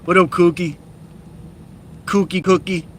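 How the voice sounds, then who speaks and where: A man's voice: high voice, steady tone, unhurried. Blunt, cursing man streaming from his car. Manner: profane, blunt, opinionated rambling. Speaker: live streamer. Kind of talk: casual live stream while driving. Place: in a car on city streets. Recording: noisy car interior with traffic. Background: car and street noise.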